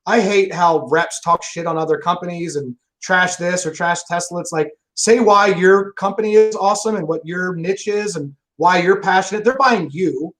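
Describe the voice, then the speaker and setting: A man talking fast and emphatically in a casual interview about selling, rambling and swearing freely. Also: high-pitched, a bit bright, rough recording. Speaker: solar sales pro guest.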